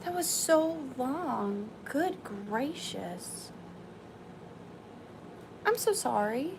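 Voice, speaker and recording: A woman hosting a live-stream sale, chatting excitedly and greeting viewers by name. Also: sits high, very slow, vocal fry, background noise. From Southern US.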